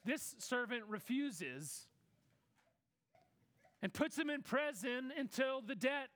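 Preacher, male, very high voice, dry close sound, conversational sermon delivery. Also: expressive, fairly bright tone, dry recording. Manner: conversational preaching, acts out Bible characters in quick asides.

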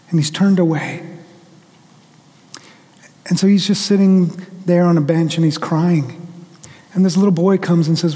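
High-voiced preacher in a reverberant hall. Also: male voice, fairly even intonation, normal speed, pauses often, dark tone. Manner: storytelling preacher who acts out quotes. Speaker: pastor. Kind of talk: sermon.

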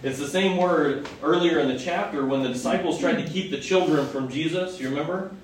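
A man whose voice is on the high side and a little fast delivers a conversational teaching sermon, questioning his audience along the way. The distant mic in a heavily echoing hall also catches faint noise.

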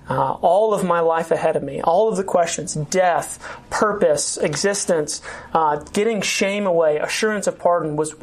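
Brief: lower-voiced woman, church class teacher, conversational, halting restarts. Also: darkish tone. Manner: conversational, with frequent fillers and restarts.

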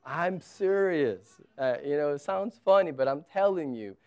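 A man's voice: on the high side, expressive, brisk, a little mellow, smooth. A man in his thirties preaching a sermon as pastor, earnest, often repeating a word as he presses a point. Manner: earnest, repeats words when stressing a point.

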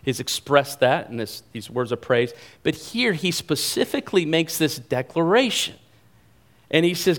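A man preaching to a congregation, his voice sitting a bit higher than most men's. He talks in a lively, conversational way, repeating key phrases to drive them home. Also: moderate pace. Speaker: pastor. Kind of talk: sermon.

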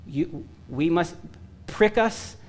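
A man preaching a sermon, earnest and emphatic with touches of self-deprecating humor, his voice going hoarse. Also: fairly high pitch, expressive, slow pace, a little mellow. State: losing his voice.

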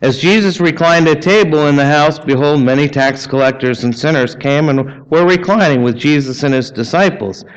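A man's voice: on the high side, normal speed, hardly any pauses. A man, preaching a sermon in a conversational way, asking the congregation questions and adding casual asides. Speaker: pastor. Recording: dull lo-fi sermon recording.

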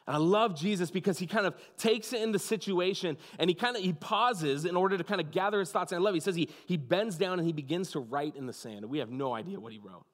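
A pastor giving a sermon, telling the story with dramatic pauses and dropping to a hushed, soft voice. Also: male voice, sits high, long reverb tail.

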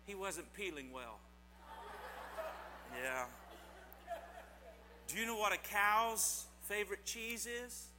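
Speaking slowly and pausing often in a high voice, a pastor gives the children's message, playfully quizzing the kids and trading corny jokes. The sanctuary adds long reverb, with a faint mains hum underneath.

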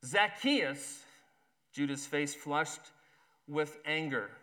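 A man's voice: a little high, a little slow, sharp tone. A man preaching a sermon, then reading a story aloud and voicing its characters. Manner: reads a story aloud, acting out the characters' lines. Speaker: pastor.

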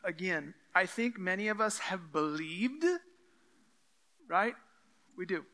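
A man preaching a casual, expository sermon, with a notably high and bright voice. He reads the scripture passages aloud and acts out the lines of the people in them. He speaks to the congregation as if in everyday conversation. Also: slow. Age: adult with children. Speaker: pastor.

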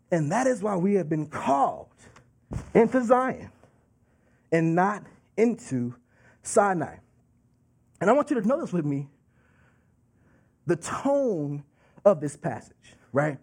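A man preaching a sermon with emphatic, drawn-out delivery and call-and-response asides. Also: high-pitched, breathy edge.

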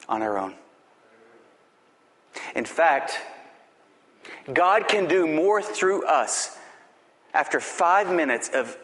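A male pastor preaching a sermon, swinging between loud rising exhortation and hushed, low, drawn-out emphasis. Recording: long reverb of a large hall.

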